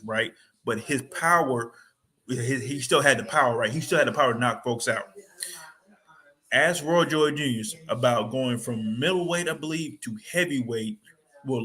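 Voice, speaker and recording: A man co-hosting a sports podcast, chatting casually in an animated, rambling way full of slang. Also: medium pitch. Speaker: podcast co-host.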